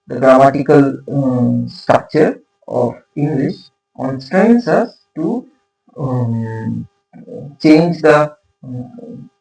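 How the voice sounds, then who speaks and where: Slow, halting male lecturer with gravelly voice. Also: medium pitch, darkish tone. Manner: slow, halting, many fillers and restarts. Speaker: literature teacher. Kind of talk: unscripted lecture. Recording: echoey room, distant mic, faint music.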